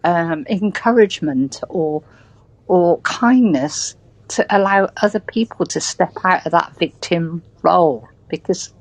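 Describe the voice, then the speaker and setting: British woman, west country accent, earnest casual talk, lowish voice, dry close sound. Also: a little slow, no echo, rough recording. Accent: West Country English. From Britain. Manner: earnest, acts out quoted voices. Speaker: guest. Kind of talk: casual conversation.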